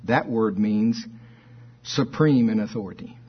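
A man's voice: fairly low pitch, a little slow, husky, highs cut off. A man preaching a fervent sermon, reading scripture aloud and firing questions at his listeners. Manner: fervent, emphatic preaching with call-and-response questions.

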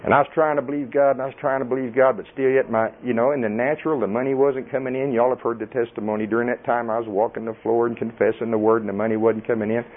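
A middle-aged man, preaching a folksy, animated sermon and laughing often. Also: medium pitch, quick pace, hardly any pauses. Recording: tinny phone-like audio.

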